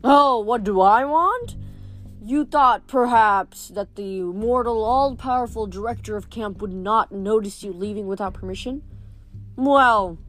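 Lady playing a snooty wine god, slow drawl, looks down on everyone, storybook voice. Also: on the high side, a bit bright, soft background music. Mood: mocking. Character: sneering bored male god of wine.

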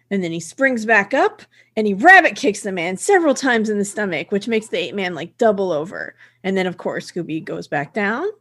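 A woman co-hosting a podcast in casual chat, talking in a chatty, enthusiastic way about a cartoon episode. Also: mid-range voice. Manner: chatty, enthusiastic, quick to laugh along. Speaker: podcast co-host.

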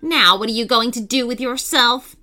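A woman's voice: a little high, moderate pace, bright, forceful tone. A woman voicing a grumpy old grandmother who growls and hurls insults, for a children's storybook. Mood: scolding.

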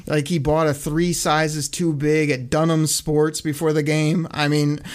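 A man's voice: a little high, level tone, unhurried. A man co-hosting a casual football talk show, ranting with sarcasm and frequent laughter. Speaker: sports podcast co-host. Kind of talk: casual sports talk rant.

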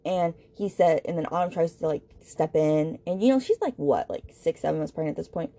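A woman with a low, gravelly, mellow voice hosts a book podcast. She recaps the plot in a chatty, blunt way and retells the scenes through the characters' quoted lines. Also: animated, fairly quick.

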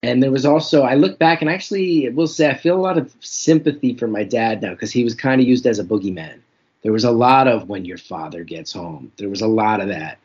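A man talks frankly and reflectively as an interview guest, often poking fun at himself. His voice is breathy and husky. The recording sounds muffled and lo-fi. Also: mid-range voice, brisk, darkish tone. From New Jersey. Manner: reflective, self-deprecating, frank. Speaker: guest comedian. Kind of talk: candid interview storytelling. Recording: dull lo-fi recording.

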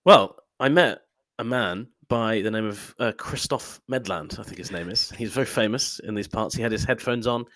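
A man's voice: lowish voice, moderate pace, a bit bright, no room sound. A man co-hosting a podcast, telling rambling, jokey stories in casual chat. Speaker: podcast co-host.

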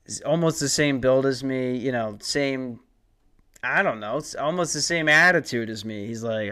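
A man's voice: medium pitch, a bit bright, smooth. A man in his twenties telling a rambling, profane, self-mocking story on his podcast. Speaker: podcast host.

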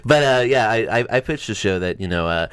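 A man's voice: fairly low pitch, animated, a little fast, a bit bright, smooth, dry recording, clean studio sound. A man doing casual comedy podcast banter, hesitant, with lots of fillers and restarts.

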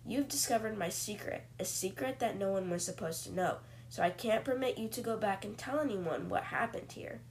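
A woman voicing a stern, secretive male submarine captain in a cold, measured way. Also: mid-range voice, a little hiss or hum, close to an everyday voice.

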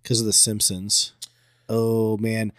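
A male podcast co-host talks casually and with enthusiasm. His voice sits on the low side. The sound is dry and close to the mic. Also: completely flat delivery, slow, no echo. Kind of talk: casual chat.

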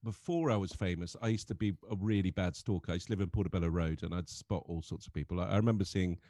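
An English man telling funny stories in casual chat, animated and often laughing as he talks. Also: sits low, quick pace, no echo, clean studio sound. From England. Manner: animated storyteller, laughs through his stories. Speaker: comedian guest.

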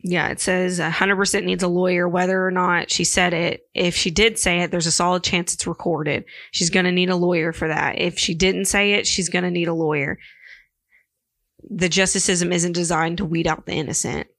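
A woman's voice: on the low side, flat delivery, moderate pace, fairly bright tone, no room sound, studio quality. A woman co-hosting a casual podcast, blunt and emphatic in her opinions. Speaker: podcast co-host. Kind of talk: casual chat.

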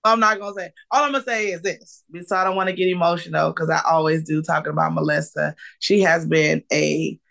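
A woman in her forties, a comedian guest on a podcast, talking in a lively, emotional way, laughing often and bursting into excitement. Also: low-pitched, quick pace, gravelly, few pauses. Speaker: guest, comedian and keynote speaker. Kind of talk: casual podcast interview.

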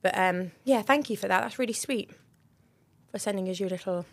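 A woman's voice: medium pitch, a little fast, vocal fry. Chatty giggly young woman co-host. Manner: chatty, giggly, reads out listener messages. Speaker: podcast co-host. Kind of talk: casual chat.

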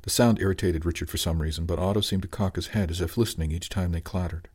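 A man narrating an audiobook chapter in a calm, even storytelling manner. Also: low voice, quick pace, husky.

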